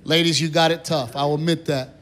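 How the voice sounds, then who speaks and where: High-voiced male stand-up comic. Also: fast. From Mexican-American heritage. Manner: animated storytelling, acting out voices. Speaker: stand-up comedian. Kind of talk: stand-up comedy set. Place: live comedy stage. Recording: live club recording, loud crowd. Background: audience laughter.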